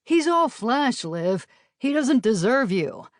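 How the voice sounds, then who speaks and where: A woman narrator puts on a big, brash small-town bruiser of a man in an audiobook. He snarls and taunts in a voice pushed high and loud with temper, in a dry, close recording. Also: very animated, slow pace, no echo. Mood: defensive.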